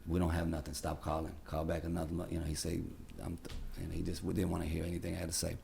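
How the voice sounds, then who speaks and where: Radio DJ man, podcast guest; low creaky voice, quick delivery, plays out every character in his anecdotes. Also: slight background noise. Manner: animated, acts out the people in his stories. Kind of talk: casual storytelling.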